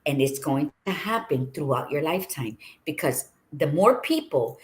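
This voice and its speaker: A woman co-host in a casual motivational talk, blunt and a little preachy. Her pitch swings widely as she presses her point, lively and emphatic. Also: moderate pace.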